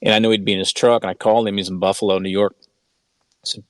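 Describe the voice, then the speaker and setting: Low-voiced guy telling stories in an interview, earnest, keeps restarting his sentences, dry close sound. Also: level tone, quick pace, no room sound. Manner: earnest, frequent restarts and repeated words. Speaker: author and guest. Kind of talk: conversational interview storytelling.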